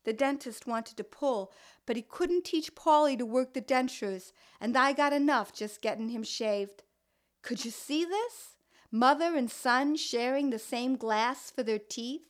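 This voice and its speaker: A woman doing a slow, fretful old Brooklyn mother. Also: high voice. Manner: kvetching, wry asides. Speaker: narrator. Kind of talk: first-person dramatic storytelling.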